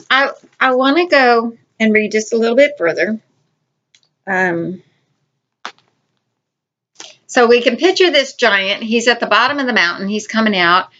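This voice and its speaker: A woman teaches a Bible lesson for children in a chatty, informal way, often repeating and restarting her words. Her voice sits at a middle pitch. The recording is dull and lo-fi. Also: bright, forceful tone.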